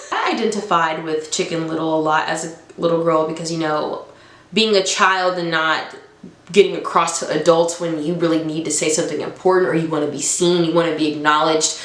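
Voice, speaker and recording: Young woman rambling happily about stuff she loves, lowish voice, lots of laughs, echoey room. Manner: chatty and enthusiastic, laughs often. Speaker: vlogger. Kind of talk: casual chat vlog. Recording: roomy echo.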